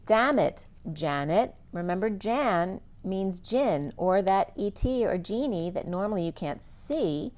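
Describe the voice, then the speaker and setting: A woman giving a solo spiritual reading, thinking aloud as she lists word meanings in a musing run-on flow, her voice going a little hoarse. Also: lowish voice. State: losing her voice, slightly hoarse. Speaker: spiritual reader.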